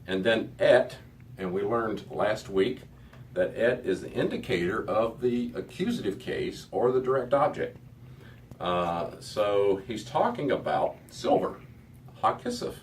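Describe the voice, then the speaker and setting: A man's voice: lowish voice, very animated, a little slow. A middle-aged man teaching a Hebrew lesson to a class, methodical and repeating words as he goes. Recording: distant mic with faint background noise.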